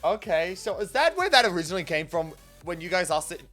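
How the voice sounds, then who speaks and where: A young man hosts a relaxed livestream chat with a bright, ringing voice that swoops up and down a lot. He reads viewer messages aloud, fills the gaps with ums and uhs, and keeps breaking into giggles. Soft music plays faintly under him. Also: sits high, fast talker. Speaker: streamer host. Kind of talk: casual stream chat.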